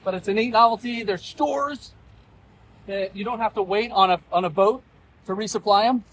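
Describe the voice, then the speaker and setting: A man's voice: high voice, normal speed, fairly bright tone, slight background noise, rough recording. A man hosting a sailing vlog, chatting in an easygoing way on location outdoors. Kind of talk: casual on-location vlogging. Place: outdoors in town.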